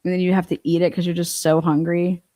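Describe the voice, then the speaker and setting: A woman commentating on a true crime livestream, blunt and incredulous, swearing freely. Her voice is a touch low and mellow, with no sharpness in it. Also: level tone, fast talker.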